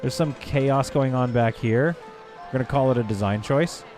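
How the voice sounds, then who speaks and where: A man's voice: mid-range voice, a little mellow, faint music behind. A man live-streaming a game, rambling and joking with his viewers and stumbling through bits of French. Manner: halting, self-correcting stabs at French. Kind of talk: casual live-stream chat while playing.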